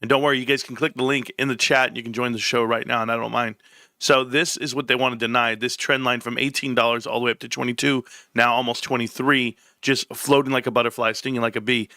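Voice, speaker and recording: Gravelly, bright-voiced male stream host. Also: medium pitch, flat delivery, fast talker, no echo, studio quality. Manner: talks viewers through charts, corrects himself mid-sentence. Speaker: livestream host. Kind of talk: casual market commentary.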